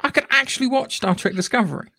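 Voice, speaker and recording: A man's voice: very high-pitched, quick pace, sharp tone, no echo. A man co-hosting a podcast in a casual, sweary, rambling chat. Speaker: podcast co-host.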